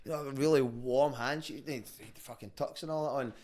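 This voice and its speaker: A man's voice: medium pitch, fairly quick, a little mellow. A Glaswegian comedian in his thirties, telling candid, sweary stories as a guest in a casual podcast interview. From Scotland. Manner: candid and sweary, rambling with restarts.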